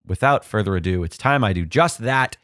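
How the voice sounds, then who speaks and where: A man who produces a podcast, talking in a relaxed, casual way with frequent "uh" fillers. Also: on the low side, a little fast, no room sound, clean studio sound. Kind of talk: casual chat.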